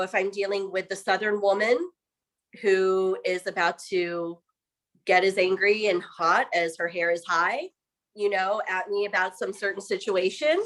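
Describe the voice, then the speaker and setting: A woman's voice: mid-range voice, fairly bright tone. A woman speaking as a guest in a casual discussion, earnest and reflective.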